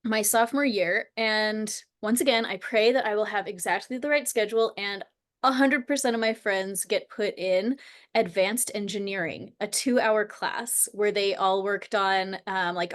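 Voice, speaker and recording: A woman in her thirties or forties hosting a casual chat, telling a personal story earnestly and rambling, full of "like.". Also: medium pitch. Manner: earnest, rambling, heavy use of "like". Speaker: host.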